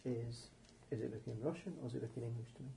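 A man playing a tabletop role-playing game, asking questions in halting, stop-start phrases. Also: medium pitch, steady tone, vocal fry, mellow, slight background noise. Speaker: player.

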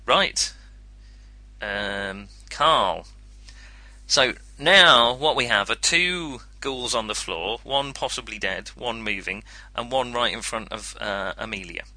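A man's voice: mid-range voice, lively intonation, takes it slowly, pushed and bright, no echo. A man narrating a tabletop horror game as game master, chatty, with frequent ums and laughs.

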